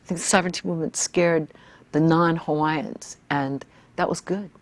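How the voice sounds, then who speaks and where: A woman's voice: low-pitched, fairly even intonation, moderate pace. An older woman in an interview, talking bluntly and emphatically, building to fiery outbursts. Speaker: interviewee, activist and scholar. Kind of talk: reflective interview talk.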